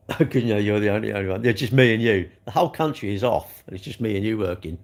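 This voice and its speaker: Speaking quickly in a voice on the low side, a man answers viewers on his live stream. His casual chat rambles and turns sarcastic, packed with tag questions.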